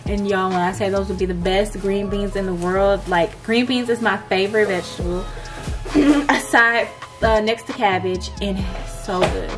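A woman's voice: mid-range voice, steady tone, moderate pace. Chatty woman vlogging, music behind. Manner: chatty, laid-back, keeps addressing viewers. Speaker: vlogger talking to viewers. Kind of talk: casual vlog chat. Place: home kitchen, indoors. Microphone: handheld camera.

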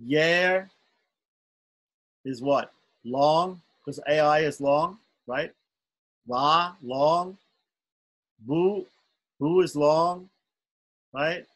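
A man's voice: on the high side, extremely slow, long pauses, rough recording. A man teaching an online chanting class, patiently going syllable by syllable and often correcting himself.

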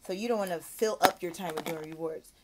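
A woman's voice: lowish voice, very noisy. A woman giving a mock online English lesson, switching between explaining to viewers and a sing-song voice modeling praise and phrases for young learners. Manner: slow, drawn-out model phrases. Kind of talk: mock teaching demo with explanation.

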